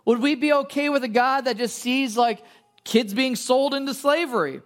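A man's voice: extremely high pitch, normal speed, fairly bright tone. A male pastor preaching a conversational sermon, telling stories and asking rhetorical questions. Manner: asks many rhetorical questions; casual and storytelling, with fillers.

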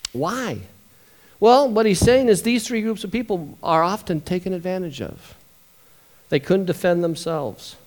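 A man preaching a sermon as pastor, moving from quiet storytelling to loud, emotional scripture reading. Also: medium pitch.

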